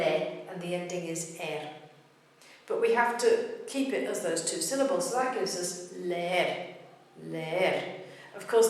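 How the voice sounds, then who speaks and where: Woman, language teacher, measured delivery, distant mic, heavy room echo. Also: mid-range voice. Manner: patient, measured, demonstrates words slowly. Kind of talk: explanatory lesson. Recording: very echoey room, voice from far off.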